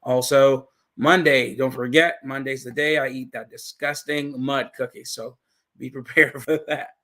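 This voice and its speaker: A man's voice: medium pitch, fairly even intonation, a little slow, fairly bright tone. A man hosting a livestream, chatting casually in a laid-back way. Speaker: livestream host.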